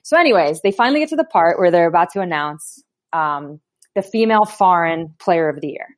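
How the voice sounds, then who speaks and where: Woman telling a lively story. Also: fairly low pitch, a little fast. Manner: animated anecdotes with laughs and quoted voices. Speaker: guest, pro basketball player. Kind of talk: casual podcast storytelling.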